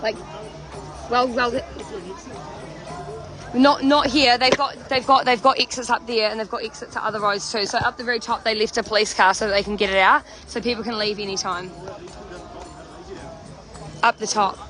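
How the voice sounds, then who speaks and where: With a slightly high voice and fairly even intonation, she talks at normal speed but leaves long pauses; the recording is low quality. She's livestreaming from an outdoor protest camp on a handheld phone, chatting casually to viewers as crowd noise and music play in the background.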